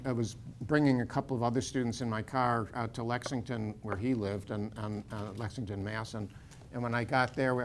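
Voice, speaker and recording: A man's voice: mid-range voice, a little hiss or hum. An older man, a Bible scholar, gives an informal lecture full of anecdotes, with frequent fillers and restarts. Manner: digressive, many fillers and restarts.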